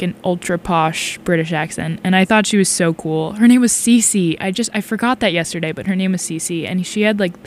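A woman's voice: lowish voice, a little hiss or hum. A young woman hosting a college radio show, signing off in a rambling, chatty way with frequent laughs. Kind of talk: casual radio sign-off chat.

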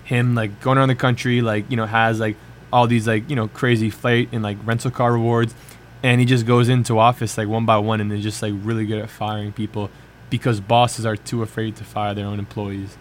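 A man's voice: on the low side, level tone, brisk, a little hiss or hum. A young man co-hosting a college radio show, chatting casually and rambling with lots of filler words. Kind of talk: casual chat.

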